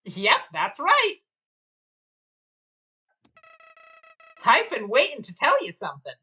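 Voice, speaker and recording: A woman's voice: on the high side, sharp tone, slightly rough, voice pushed up, full character voice. Flowey, a smug sing-song flower, voiced by a woman. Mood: gloating. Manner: gloating, sing-song taunting. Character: smug, mocking talking flower, male. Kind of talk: reading game dialogue on a stream.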